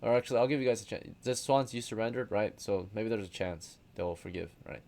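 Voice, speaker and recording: Low gravelly man running a game. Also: fairly quick, darkish tone. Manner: casual, checks in with "right?" often. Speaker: game master.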